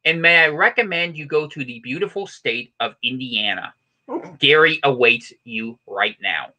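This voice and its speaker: A man putting on the voice of an overexcited male local TV newscaster, delivering mock-serious news in a booming manner. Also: expressive, moderate pace, sharp tone.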